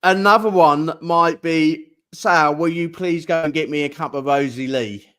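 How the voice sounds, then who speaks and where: A man's voice: fairly high pitch, unhurried, a bit bright. Chatty man hosting a podcast. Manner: chatty, laughing, mimics accents. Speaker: podcast host. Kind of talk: casual chat.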